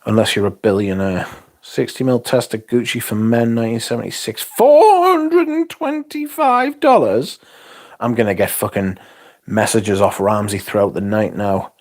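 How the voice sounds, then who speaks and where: A man's voice: on the low side, level tone, normal speed, darkish tone. A man from England, chatting casually on a livestream, reading out comments with blunt, sweary, dry humour. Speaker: livestream host reviewing fragrances.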